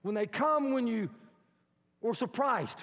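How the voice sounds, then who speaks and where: A man preaching a sermon as pastor. He is animated and humorous, and he mimics people's complaints. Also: very high-pitched, slow. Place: church hall. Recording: reverberant hall, dull sound.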